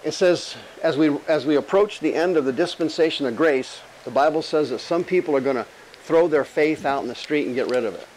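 A man preaching a conversational Bible-teaching sermon, firing rhetorical questions and slowing down to stress key words. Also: fairly high pitch, darkish tone, slight background noise, rough recording.

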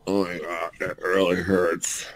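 A man's voice: low-pitched, little pitch movement. A man putting on the slurred, pained voice of a beaten-up male celebrity. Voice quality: slow, gravelly, slurred.

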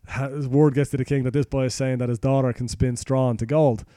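A man's voice: mid-range voice, steady tone, fast, warm tone, clear, resonant tone, no room sound, studio quality. Sweary Irish man telling a story. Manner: crude, sweary, rambling retelling. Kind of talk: casual comic storytelling.

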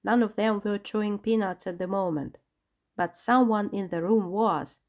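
A woman's voice: mid-range voice, moderate pace, a little mellow. A woman narrating a children's storybook and reading every character's lines herself. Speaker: storybook reader.

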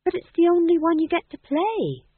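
A woman's voice: very high voice, big pitch swings, normal speed, no echo, voice pushed up. A woman voicing a nervous young actor made king, who swings between panic and royal haughtiness, in a storybook reading. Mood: panicky. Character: anxious young actor-king, turning imperious. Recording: tinny phone-like dry sound.

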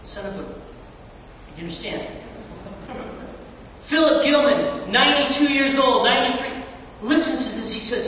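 A middle-aged man preaches in a storytelling style, his voice climbing high and loud, then sinking to near a murmur. His voice is very high for a man. It rings with long reverb, as if in a big church hall. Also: moderate pace, long pauses, a little hiss or hum. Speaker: youth pastor. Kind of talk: sermon. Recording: echoey hall from far off.

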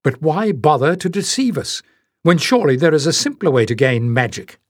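A man voicing a sharp, questioning young woman. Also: on the high side, expressive, moderate pace, no echo, studio quality, voice pushed up. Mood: puzzled.

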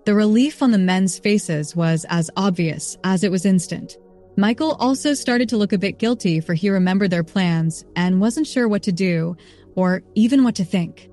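Brief: female narrator, even storybook delivery, middle pitch, light music bed. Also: moderate pace. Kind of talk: scripted narration.

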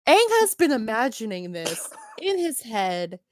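A woman's voice: fairly high pitch, very animated, a little slow, no room sound, clean studio sound. A woman co-hosting a casual podcast, recapping a cartoon episode in a chatty way with frequent restarts. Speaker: podcast co-host.

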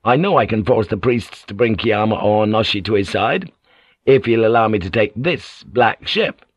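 A man's voice: fairly low pitch, lively intonation, normal speed, no room sound. A man voicing a bold, impatient English ship's pilot who talks bluntly and urgently.

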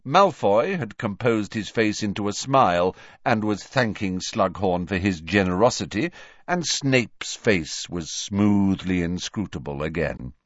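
Male audiobook narrator, very lively pitch, dry dull studio sound. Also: unhurried, no room sound. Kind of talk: scripted narration.

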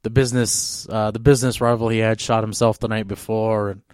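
A man's voice: fairly low pitch, little pitch movement, brisk, clean tone, no room sound, studio quality. A man co-hosting a podcast, telling a long story in a rambling, casual way. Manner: rambling, full of fillers and restarts. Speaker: podcast co-host.

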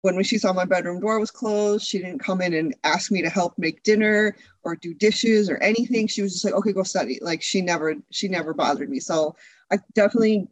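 A woman's voice: on the low side, a little fast, no echo, poor audio. A woman being interviewed as a video creator, chatting candidly with frequent laughs and lots of restarts.

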